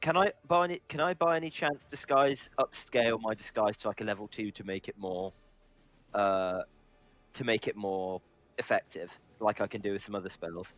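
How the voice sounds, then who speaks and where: A man's voice: lowish voice, moderate pace, fairly bright tone, faint music behind. A man playing a tabletop game, thinking aloud and unsure, asking the group for advice. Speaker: player. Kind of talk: casual tabletop game chat.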